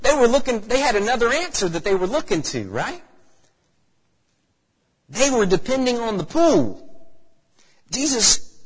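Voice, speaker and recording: A man's voice: high voice, breathy edge. A man preaching a sermon in a church hall, asking the congregation rhetorical questions. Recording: echoey hall reverb.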